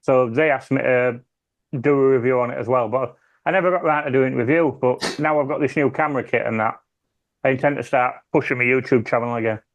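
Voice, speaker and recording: A man's voice: mid-range voice, steady tone, brisk, dull audio. A British man chatting casually on a podcast, rambling and trailing off as he talks. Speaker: podcast panelist. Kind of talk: casual chat.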